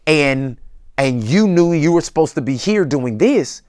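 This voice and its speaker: A man, a pastor as guest, giving relationship advice in a colloquial, emphatic preacher-like way that builds to excited peaks. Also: a little high, measured pace, clear, resonant tone, dry recording, clean studio sound.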